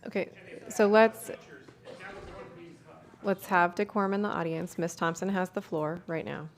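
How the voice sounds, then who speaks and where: A woman's voice: lowish voice, unhurried. A woman chairing a school board meeting, calling for order and announcing motions in a firm, procedural way.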